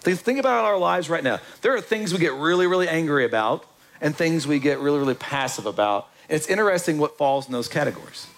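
A man preaching a sermon in a church, lively and joking with the congregation. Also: a little high, quick pace. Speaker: pastor.

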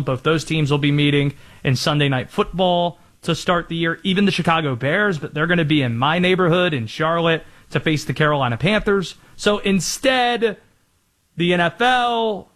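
A man's voice: fairly high pitch, fairly bright tone. Confident male sports show host. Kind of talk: sports news talk show.

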